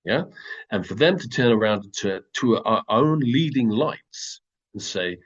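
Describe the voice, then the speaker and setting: A man's voice: on the low side, lively intonation, unhurried, breathy edge, highs cut off. A man from Britain, a former local party chairman, speaking emphatically as a guest in a political interview over a video call. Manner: emphatic, stresses words, lists things.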